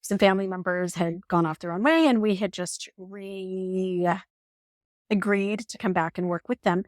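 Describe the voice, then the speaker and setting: A woman in her forties telling a personal story on her vlog in an animated, emotional way, laughing now and then. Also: medium pitch, moderate pace, dry recording, clean studio sound. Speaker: vlogger.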